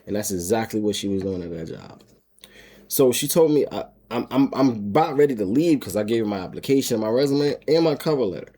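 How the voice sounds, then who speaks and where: A man with a husky, mellow voice tells a personal story straight to his viewers. He rambles, restarts his sentences and breaks into laughs, getting more emotional as he goes. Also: fairly low pitch, expressive, fairly quick. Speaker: homestead vlogger. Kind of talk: casual storytelling to camera.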